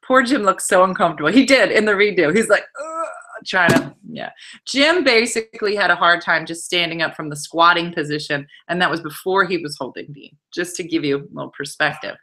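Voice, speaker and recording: Middle-aged female host, casual and laughing, bright and animated delivery. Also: lowish voice, fairly quick. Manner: chatty, laughing, reading viewer comments aloud. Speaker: host of a live wine-tasting show. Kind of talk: casual livestream chat.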